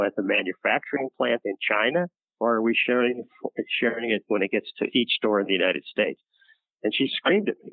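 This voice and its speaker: An older man telling a long workplace story in an interview, halting and restarting often and acting out what others said. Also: mid-range voice, dry recording. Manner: halting, many restarts, acts out quoted voices. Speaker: interview guest, former studio executive. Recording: tinny phone-like dry sound.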